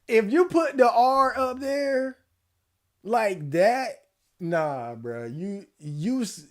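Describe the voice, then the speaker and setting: A man streaming casual commentary, laid-back and slangy, swearing freely and laughing often, a little hoarse. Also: high voice, expressive, takes it slowly. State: losing his voice. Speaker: streamer reacting to election night.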